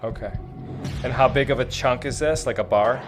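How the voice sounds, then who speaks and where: A man's voice: mid-range voice, moderate pace. A man hosting a casual livestream, joking and teasing himself while carving pumpkins a little tipsy. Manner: joking, self-mocking, playful. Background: music.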